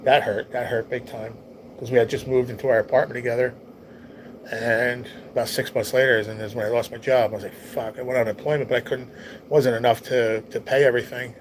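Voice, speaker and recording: A man's voice: medium pitch, flat delivery, brisk, slight background noise, low-quality recording. A man hosting a livestream, telling a personal story in a rambling, heartfelt way and swearing often. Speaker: livestream host. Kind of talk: casual storytelling to a live chat.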